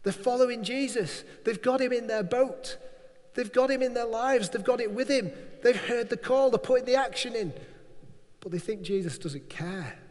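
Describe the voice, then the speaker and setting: Man, preacher, high voice, emphatic repetitive sermon, long hall reverb. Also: moderate pace, a little mellow.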